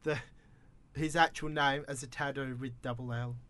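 A man's voice: medium pitch, steady tone, normal speed, a bit bright. A man with an Australian accent hosting breakfast radio, chatting in a playful, jokey way. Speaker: radio host.

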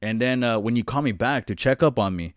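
A man's voice: mid-range voice, a little fast, no echo, studio quality. A young man co-hosting a podcast, talking casually and emotionally, swearing often and rambling with lots of laughs. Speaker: podcast co-host.

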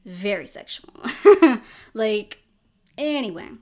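A young adult woman hosts a casual podcast and recaps a movie in a rambling, conversational way. She fills her sentences with "like" and often restarts them. Her voice sits at an ordinary middle pitch. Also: normal speed. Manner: chatty, rambling, lots of "like" fillers. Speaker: podcast host. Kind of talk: casual film review commentary.

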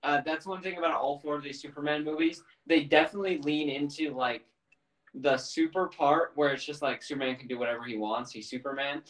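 A man's voice: fairly high pitch, steady tone, a little fast, fairly bright tone. A man co-hosting a podcast, recapping a film plot in a loose, rambling way with lots of fillers. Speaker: podcast co-host. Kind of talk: casual chat. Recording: roomy, distant mic.

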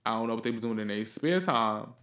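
A man's voice: on the low side, animated, fast, roomy sound. A man hosting a podcast, giving blunt opinions in a casual monologue and ranting heatedly with lots of swearing. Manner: blunt, profane, heated ranting that flares up loud. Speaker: podcast host.

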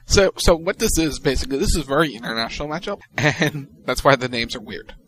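A man co-hosting a wrestling podcast, talking through upcoming matches in a relaxed, matter-of-fact way. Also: medium pitch, quick pace. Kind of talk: casual chat.

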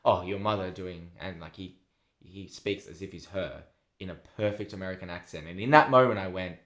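A man's voice: deep voice, brisk, fairly bright tone. A man co-hosting a film and TV podcast, chatting casually and rambling with lots of fillers. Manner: rambling, filler-heavy, enthusiastic. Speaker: podcast co-host. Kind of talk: casual chat reviewing a TV show.

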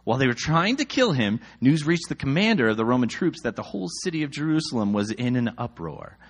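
A man's voice: mid-range voice, big pitch swings, quick pace. A man in his thirties reading scripture aloud and breaking off into jokey, exasperated asides about it. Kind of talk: casual scripture reading and commentary.

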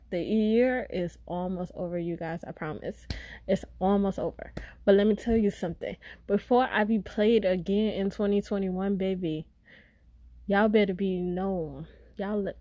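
A woman's voice: medium pitch, darkish tone, no echo. Profane, exasperated woman ranting. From Florida. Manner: blunt, exasperated, swears freely. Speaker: podcast host. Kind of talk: casual profane rant.

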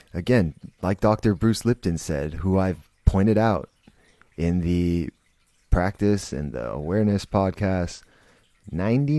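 A man's voice: low-pitched, dark tone, no room sound. A man hosting a podcast, talking in a blunt, profane, rambling monologue full of restarts. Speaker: podcast host. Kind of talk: casual monologue.

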